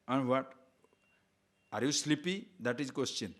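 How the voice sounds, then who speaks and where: A man's voice: mid-range voice, lively intonation, moderate pace, vocal fry, pauses often. A man giving a discourse on scripture as a spiritual teacher, emphatic and full of rhetorical questions, sometimes chanting verses in Sanskrit.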